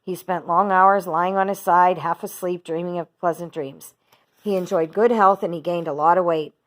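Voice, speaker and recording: A teacher reading a children's book aloud, steady and expressive. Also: female voice, lowish voice, moderate pace.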